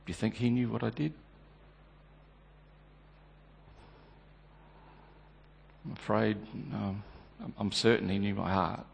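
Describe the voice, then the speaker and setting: A man's voice: mid-range voice, normal speed, close to an everyday voice. A man performing a dramatic monologue as a remorseful male disciple, stammering and repeating his words. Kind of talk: dramatic first-person monologue. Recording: long hall reverb.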